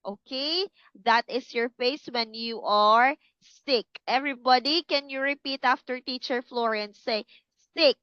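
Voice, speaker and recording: A woman teaching English to young children, speaking slowly and clearly and encouraging them to repeat words. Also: high voice, fairly bright tone, no echo, muffled recording. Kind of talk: online class for kids.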